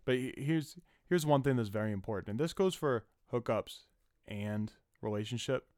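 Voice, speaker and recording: A man's voice: mid-range voice, animated, moderate pace, a little mellow, no echo, clean studio sound. A man co-hosting a casual podcast, joking and laughing often while giving dating advice. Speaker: podcast co-host.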